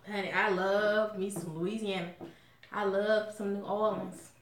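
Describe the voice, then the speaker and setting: A woman's voice: mid-range voice, fairly even intonation, measured pace, slight background noise. A woman with a Southern drawl talks to her viewers in a folksy, outspoken way while she eats. Her voice sits in a middle register. The room around her is noticeably echoey. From Southern US, Alabama. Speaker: mukbang vlogger. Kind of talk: casual chat to viewers while eating.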